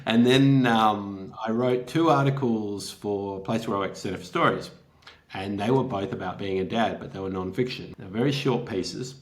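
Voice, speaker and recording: A man's voice: on the low side, moderate pace. A man, a writer, telling an anecdote as a guest, laughing often and acting out the quotes. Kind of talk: anecdotal storytelling in an interview.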